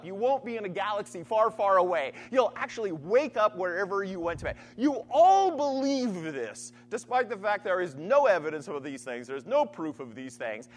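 Male preacher, casual sermon, keeps asking "right?", extremely lively pitch. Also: a little hiss or hum. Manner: animated storytelling.

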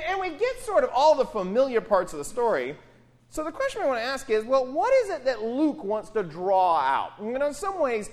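A woman preaching a sermon in an expressive, animated voice that swoops freely up and down in pitch. She works through a gospel passage with rhetorical questions and emphatic asides. Her voice sits at an ordinary middle pitch for a woman.

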